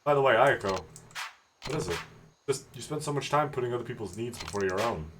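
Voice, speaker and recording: A man streaming a video game, reading the characters' lines aloud and breaking into crude, loud outbursts. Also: mid-range voice, lively intonation, fast talker. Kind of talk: game playthrough voicing characters. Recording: noisy stream audio with clicks.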